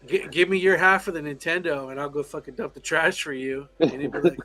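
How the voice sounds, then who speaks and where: A man's voice: a little high, fairly quick, pushed and bright, soft background music. A man co-hosting a podcast, telling a playful story in casual chat, swearing and acting out voices. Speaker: podcast co-host.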